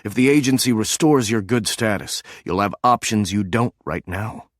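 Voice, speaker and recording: A man's voice: fairly low pitch, moderate pace, no room sound, studio quality, lightly acted. A man voicing a loyal, protective friend who speaks firmly and solemnly in an audiobook. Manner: firm, solemn.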